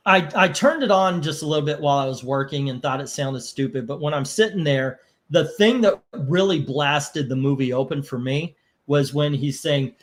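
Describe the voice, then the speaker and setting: A man's voice: a little high, normal speed. Chatty man running a comic auction. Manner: rambling, swears casually, laughs while telling stories. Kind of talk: casual live-stream chat.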